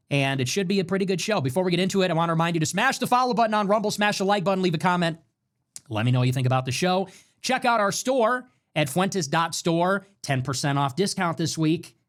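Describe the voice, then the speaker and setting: Brash, fast-talking male streamer. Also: sits high. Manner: animated, emphatic, swears often. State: sick with a fever. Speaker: livestream show host. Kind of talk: ranting livestream monologue.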